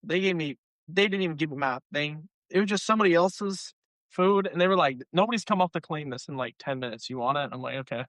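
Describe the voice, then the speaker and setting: A man's voice: on the high side, quick pace, a bit bright, no room sound. A young man co-hosting a podcast, telling stories animatedly and teasing his co-hosts. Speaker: podcast co-host. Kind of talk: casual chat.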